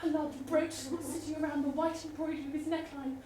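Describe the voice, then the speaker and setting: Speaking fairly quickly in a high, mellow voice with a level tone, a young woman acts out a comic period monologue, voicing every character with theatrical giggles. The drama student is in a rehearsal room, captured by a far-off mic in an echoey space with slight background noise.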